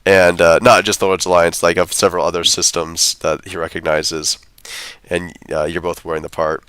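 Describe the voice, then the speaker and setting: Guy running a d&d game, lowish voice, lots of ums and laughs. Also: flat delivery, normal speed, fairly bright tone, clear, resonant tone, no echo. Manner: chatty, laughs often, many fillers. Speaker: dungeon master. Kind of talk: casual tabletop game narration.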